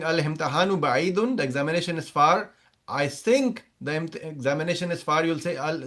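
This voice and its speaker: Over a video call, a male Arabic teacher lectures his class on grammar in a fairly high, slightly bright voice. He breaks things down step by step, goes over examples again, and makes sure students keep up.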